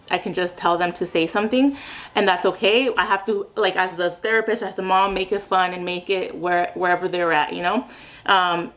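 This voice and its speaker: A woman's voice: medium pitch, a bit bright, rough recording. A young woman, a mom and speech therapist, giving casual advice in a chatty way with many fillers.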